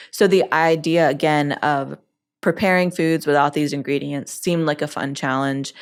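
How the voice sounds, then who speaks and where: A woman hosting her own show, telling a personal story in a lively way with laughs and quoted dialogue. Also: sits low. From Egyptian family background. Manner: lively, animated retelling with laughs and acted-out quotes.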